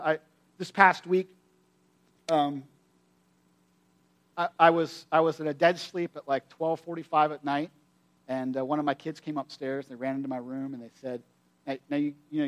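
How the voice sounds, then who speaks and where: A man in his forties, a pastor, preaching a sermon with animated storytelling that swings between hushed and loud. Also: high-pitched.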